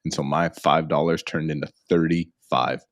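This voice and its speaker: A man's voice: extremely low pitch, fairly even intonation, moderate pace, dry recording, clean studio sound. A man from Canada, a guest on a podcast, chatting in a laid-back, matter-of-fact way. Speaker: podcast guest and real estate agent. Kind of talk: casual chat.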